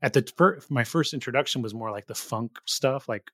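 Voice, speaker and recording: A man's voice: mid-range voice, a little fast, a bit bright, no echo, studio quality. A man from the Bay Area hosting a podcast, talking about music in an eager, earnest fan's way. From Bay Area, USA. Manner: eager, earnest fan talk. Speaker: podcast host. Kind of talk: casual interview chat.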